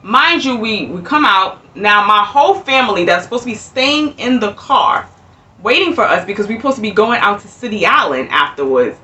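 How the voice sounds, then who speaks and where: A young adult woman telling a casual storytime, animated and laughing, often repeating herself. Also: medium pitch, moderate pace. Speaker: vlogger. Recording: voice a bit far from mic.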